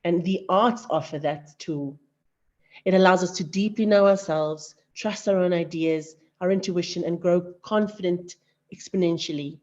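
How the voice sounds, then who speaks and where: A woman presenting on arts education at a conference, explaining in a measured way. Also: lowish voice, a little mellow. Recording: slightly dull, lo-fi audio.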